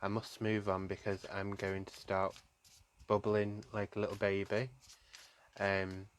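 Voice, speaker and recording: A man, a psychic medium, gives a live-streamed tarot reading, speaking softly and affectionately to his viewers and calling them "my darling". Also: on the low side, completely flat delivery, measured pace, slight background noise. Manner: gently emotional, soft-spoken.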